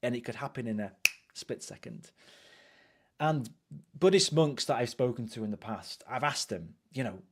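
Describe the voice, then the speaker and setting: A man's voice: medium pitch, lively intonation, moderate pace, husky. A man with a British accent giving a casual live coaching talk, conversational and repetitive, often saying "you know". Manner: conversational, repeats phrases, frequent "you know".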